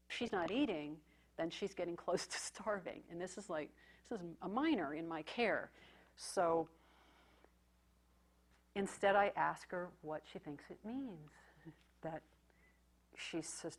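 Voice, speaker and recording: Reflective woman therapist, low voice. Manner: intimate and reflective, drops to near-whisper. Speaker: psychotherapist presenting case material. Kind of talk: conference talk.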